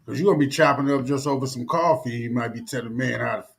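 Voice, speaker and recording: Casting: man with a gravelly mid-pitched voice, slangy relaxed co-host, faint noise behind. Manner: slangy, drawling, quick agreeing asides. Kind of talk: casual chat.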